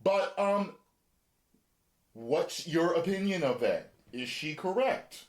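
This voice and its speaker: A man's voice: on the high side, expressive, takes it slowly. A man hosting a reaction video, chatting casually and animatedly with fillers.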